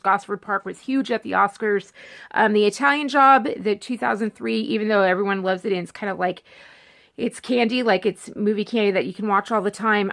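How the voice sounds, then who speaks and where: A woman's voice: medium pitch, vocal fry, a bit bright. A woman in her thirties chatting casually about movies she loves on her vlog, rambling and often breaking off and restarting her sentences. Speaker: movie vlogger. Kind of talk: casual chat.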